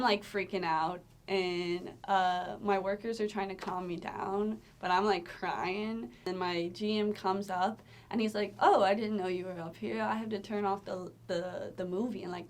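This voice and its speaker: A young woman from Tennessee who works at a movie theater, chatting in a casual interview and retelling events in an animated way with many filler words. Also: medium pitch, moderate pace, creaky, hardly any pauses, slight background noise.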